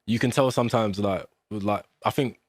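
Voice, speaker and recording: Laid-back London man, lowish dry voice. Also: a little fast, no room sound. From Greenwich, London. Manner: laid-back, slangy, thinks aloud with fillers. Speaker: rapper guest. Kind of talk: casual interview. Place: radio studio.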